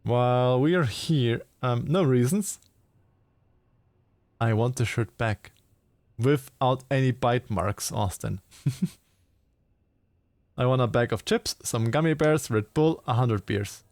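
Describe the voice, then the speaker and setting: A man chatting casually and playfully while streaming a game live. He talks slowly and giggles along with chat. His close mic sounds dry, with no room echo. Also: medium pitch, darkish tone. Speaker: VTuber streamer.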